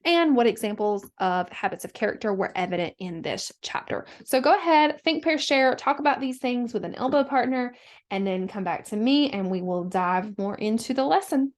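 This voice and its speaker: A woman teacher giving a recorded lesson, talking students through the steps in a steady, instructional way with frequent fillers. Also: fairly high pitch, moderate pace.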